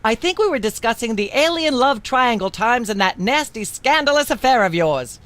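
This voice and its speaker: Haughty talk show hostess. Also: female voice, a little high, animated, normal speed, fairly bright tone, dry recording. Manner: haughty, lecturing, scolding. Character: pompous older female talk show host.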